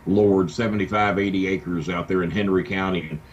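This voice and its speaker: A middle-aged man, a wrestling manager telling an animated story in a casual interview. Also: sits low, a little fast. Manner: animated anecdote-telling with acted quotes. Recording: dull lo-fi sound with faint hiss.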